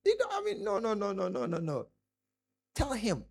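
A man preaching a lively sermon, acting out stories and laughing along with the congregation. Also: high-pitched, normal speed, gravelly, pauses often, breathy edge.

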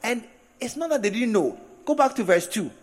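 A man preaching a sermon to a congregation, animated, with laughing asides and drawn-out emphasis. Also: very high-pitched, breathy edge, faint music behind. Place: large hall with congregation. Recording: echoey hall from a distance.

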